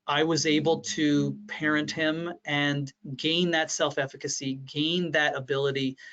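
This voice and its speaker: A man with a slightly higher voice speaks candidly in a presentation, as a pediatrician sharing his own experience. He is earnest and halting and often restarts his sentences. The audio is dull and lo-fi. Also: flat delivery, a bit bright. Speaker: pediatrician presenting to health professionals. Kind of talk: candid first-person storytelling in a presentation.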